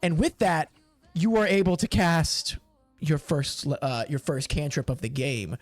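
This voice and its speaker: A man's voice: a little high, a little slow, no echo, faint music behind. A man narrating a tabletop game as game master, casual and full of fillers.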